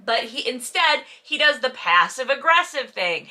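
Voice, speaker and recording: Woman, lisp, stutter, sarcastic commentary, sweary, bright forceful voice. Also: high voice, big pitch swings, a little slow, hardly any pauses. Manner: sarcastic, profane, exasperated. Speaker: host reading and roasting a novel. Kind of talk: casual commentary.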